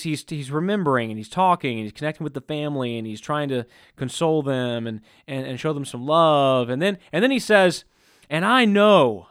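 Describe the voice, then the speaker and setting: A man's voice: mid-range voice, no echo, studio quality. A man preaching an informal sermon, talking conversationally, acting out little scenes and repeating himself as he goes. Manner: conversational, animated, acts out quotes, frequent restarts.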